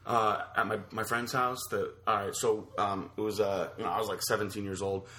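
A man co-hosting a podcast, telling a story in a rambling, halting way with many fillers. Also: lowish voice, level tone, bright, forceful tone. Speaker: podcast co-host. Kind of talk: casual storytelling chat.

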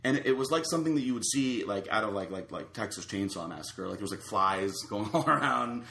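A man's voice: on the low side, brisk, gravelly, echoey room. A man telling a long rambling story in casual chat, full of fillers and restarts. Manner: rambling, animated anecdote with many fillers.

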